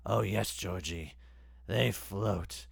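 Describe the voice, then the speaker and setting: A man putting on the voice of a sinister clown luring a boy, slow and sing-song. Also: low-pitched, vocal fry, slightly rough, dry recording, clean studio sound, heavily acted. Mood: coaxing.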